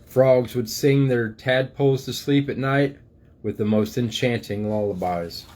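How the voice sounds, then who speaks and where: An older man, a grandfather, reading a storybook aloud to his grandchildren in a gentle, unhurried way. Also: mid-range voice, slight background noise.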